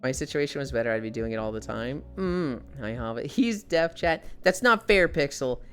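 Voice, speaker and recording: Young woman streamer, nasal, low voice with lively pitch, sick, swears casually, sarcastic. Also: normal speed, soft background music. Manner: sarcastic and swearing, chatting to viewers. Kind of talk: casual live-stream chat.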